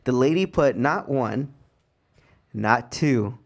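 A man in casual podcast chat who tells his stories with energy, swears freely and slips into the voices of the people he quotes. His pitch sits in the middle of the range for a man. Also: expressive, slow pace, creaky. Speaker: podcast co-host.

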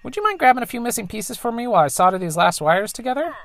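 A player voicing a middle-aged female engineer mother in a video game, reading her lines in a higher, lively, affectionate voice. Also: racing, creaky. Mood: cheerful. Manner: bright, teasing, affectionate. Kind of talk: reading game dialogue aloud.

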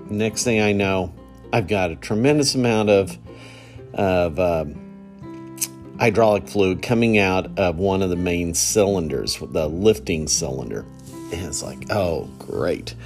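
Slow, low-voiced man rambling. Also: faint music behind. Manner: rambling, relaxed, with many fillers and restarts. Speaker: podcast host. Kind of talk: casual solo podcast monologue.

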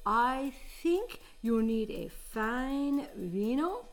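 A woman's voice: a little high, animated, very slow, voice pushed up, exaggerated voice. A woman voicing a passionate Italian woman cook, with a put-on Italian accent and emphatic, insistent instructions.

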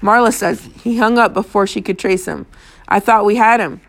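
A steady male police detective, voiced by a woman reading a storybook, calm and measured. The voice has a light gravelly texture and sits close to the narrator's own. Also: mid-range voice, close to an everyday voice. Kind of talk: audiobook character reading.

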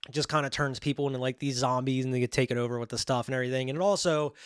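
A man's voice: mid-range voice, steady tone, very fast, smooth, no echo, studio quality. A young man giving a casual, rambling film review, full of "you know" and "like" fillers. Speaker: movie reviewer.

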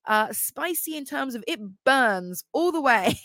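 A woman's voice: high voice, lively intonation, a little slow, a bit bright, no echo, clean studio sound. A young woman hosting her own podcast, chatting casually and gushing about books, with lots of fillers. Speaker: podcast host. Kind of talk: casual solo podcast chat.

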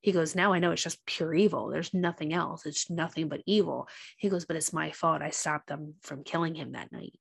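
A woman whose creaky, husky voice sits low speaks at a moderate pace. On the podcast she co-hosts, she relays a film's storyline in casual talk, animated throughout and performing the characters' lines.

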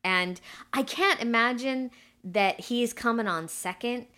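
A woman's voice: fairly high pitch, slow, bright, forceful tone, clear, resonant tone. A woman co-hosting a podcast, chatting casually in easygoing, agreeable banter. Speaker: podcast co-host. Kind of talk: casual chat.

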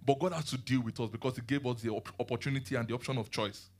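A man preaching a sermon and teaching the Bible, animated, asking his listeners questions and laughing often. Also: mid-range voice, quick pace.

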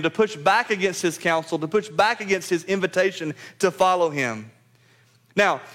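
A man serving as pastor preaches a sermon in a high-sitting, fairly bright voice. He's emphatic, repeats key phrases, and speaks directly to his congregation.

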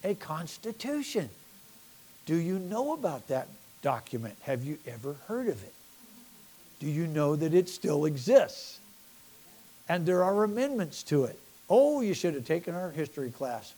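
A man's voice: on the high side, sing-song, unhurried. A middle-aged American man preaching a sermon with rising fervor, addressing his congregation directly. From United States. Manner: impassioned, rising to near-shouting, talking directly to a congregation. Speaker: pastor.

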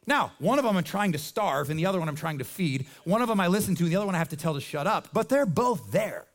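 High-voiced pastor preaching casually. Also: male voice, fast talker. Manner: animated, conversational, lots of restarts. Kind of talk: sermon.

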